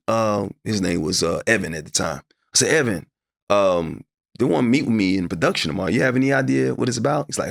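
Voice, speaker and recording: A middle-aged man with a low, gravelly voice tells a story from his career as an interview guest. He acts out each exchange, and his voice shoots up when he replays his disbelief. His delivery is conversational and lively. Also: brisk, no room sound, clean studio sound. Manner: acts out his own past dialogue, voice climbing high when upset. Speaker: interview guest, sports broadcaster.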